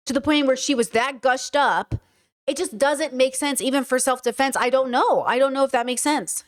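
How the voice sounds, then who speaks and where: A woman's voice: high voice, normal speed. A woman hosting casual commentary on courtroom footage, blunt and sarcastic, thinking aloud. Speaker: host commenting on trial footage.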